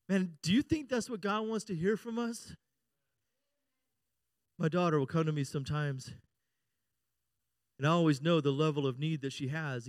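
A man's voice: fairly high pitch, moderate pace, long pauses, no echo, clean studio sound. A middle-aged man preaching a sermon as a pastor, joking and conversational, often asking the congregation for an amen. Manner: jokey, conversational preaching with frequent call-outs for amen.

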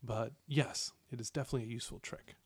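A man's voice: mid-range voice, fairly even intonation, breathy edge. A man doing a formal elf ranger. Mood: aloof. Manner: measured, formal. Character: calm, aloof male elf ranger.

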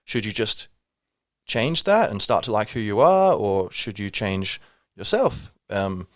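A man's voice: on the low side, sing-song, a little slow, no echo, studio quality. A man hosting a solo podcast, talking reflectively and rambling, with many fillers and restarts. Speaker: podcast host.

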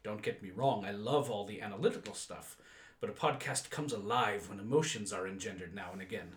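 A man's voice: fairly low pitch, fairly quick, roomy sound, pitched below the performer's own voice, close to an everyday voice. A man reading out a listener's email in a put-on English accent, voicing a polite, wordy male listener. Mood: courteous. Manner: formal, articulate letter-writer.

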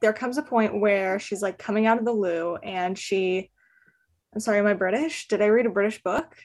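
A woman's voice: medium pitch, moderate pace. A woman recapping a romance novel in casual podcast chat, chatty and full of "like" fillers, laughing often. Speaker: podcast guest.

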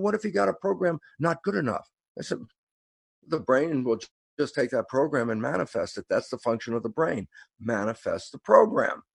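A man talking as a guest, telling a story in an animated way and acting out the quoted lines. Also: on the high side, gravelly, breathy edge, dry recording. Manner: animated, acts out quoted dialogue. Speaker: guest speaker. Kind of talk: storytelling conversation.

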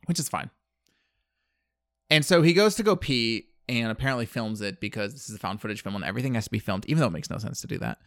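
A man's voice: fairly low pitch, animated, fast talker, fairly bright tone, no echo, studio quality. A man telling a movie plot in casual chat, rambling with lots of fillers and acted-out quotes. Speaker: podcast co-host.

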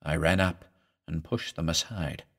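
A man narrating a horror story for an audiobook in a grave, measured, dramatic way. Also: a bass voice, vocal fry.

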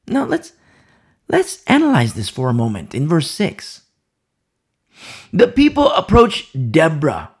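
A man's voice: fairly high pitch, wildly swooping pitch, measured pace, breathy edge. A man preaching a Bible sermon, emphatic and repeating key phrases for emphasis.

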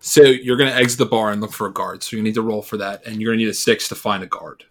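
An American man narrating as game master, animated and laughing often. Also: fairly low pitch, fast.

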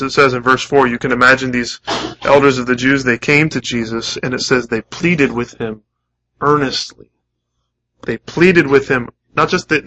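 A man's voice: medium pitch, bright, forceful tone, low-quality recording. A man preaching a sermon, emphatic and repeating key phrases, with rhetorical questions to the congregation. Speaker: pastor.

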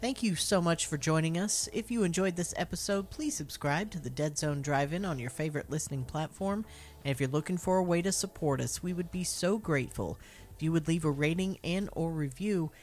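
A woman's voice: low voice, brisk, darkish tone. A woman co-hosting a podcast, reading a playful scripted outro. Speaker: podcast co-host.

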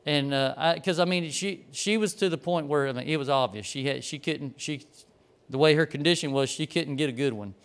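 Man, preacher, folksy sermon, slightly high voice, smooth and clear. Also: brisk, fairly bright tone. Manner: folksy storytelling, talking straight to the room. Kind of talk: conversational sermon.

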